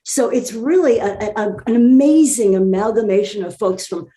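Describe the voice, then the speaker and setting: A woman's voice: mid-range voice, moderate pace, dark tone. A woman talking enthusiastically as a podcast guest, effusive and chatty. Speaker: guest promoting a community theater show. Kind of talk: casual chat.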